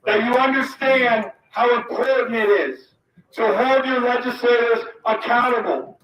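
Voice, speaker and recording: A man's voice: very high-pitched, a little slow. A man speaking to a rally crowd, reading a list of names aloud, apologizing for mispronouncing them and pressing his points with emphasis. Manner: emphatic, calls out lines. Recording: roomy, distant mic, loud crowd.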